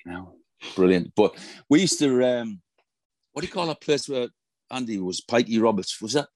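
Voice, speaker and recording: In a casual interview, a middle-aged man who used to play football tells stories laced with constant swearing. He speaks at a moderate pace in a medium-pitched, slightly mellow voice with lively intonation, and there's no room sound.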